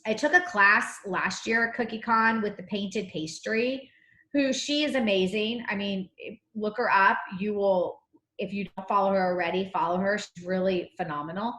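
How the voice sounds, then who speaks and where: A woman's voice: mid-range voice, normal speed, a bit bright. A woman teaching a live online cookie decorating class, chatty and bubbly, with a slight cough. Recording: echoey room.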